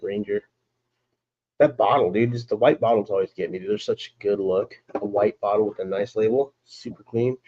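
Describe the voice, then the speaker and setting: A man's voice: medium pitch, warm tone, dull audio. A man hosting a casual live stream, chatting in a laid-back way, greeting viewers by name and laughing often.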